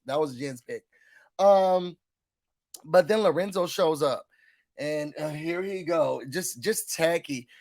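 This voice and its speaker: A man with a notably high voice chats through a reality show recap in a casual, sassy way. He gets animated and hammers points home by repeating words.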